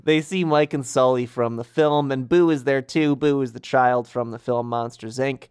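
A man's voice: mid-range voice, steady tone, normal speed, a little mellow, clean tone, dry recording, studio quality. A man co-hosting a casual chat recapping a game, explaining the story with plenty of ums and wry asides. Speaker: podcast co-host.

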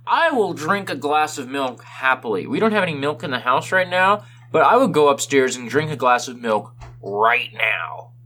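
A man's voice: mid-range voice, expressive, moderate pace, few pauses, sharp tone. A man co-hosting a casual podcast, ranting with exaggerated complaints. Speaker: podcast co-host.

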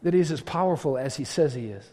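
An impassioned man preaching to his congregation, his voice sitting a little high. He swings between earnest talk and loud exhortation, and a long hall reverb trails behind every line. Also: animated, fast. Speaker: pastor. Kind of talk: sermon. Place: church sanctuary.

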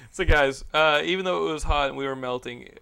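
A man's voice: on the high side, a little fast, gravelly, sharp tone, clear, resonant tone. A man hosting a casual podcast, joking and rambling with his guests. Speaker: podcast host.

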